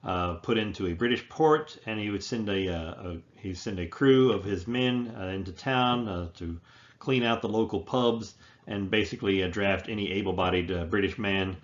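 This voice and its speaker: Male history teacher, lecture, halting delivery with many fillers, low voice, muffled recording. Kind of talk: classroom lecture.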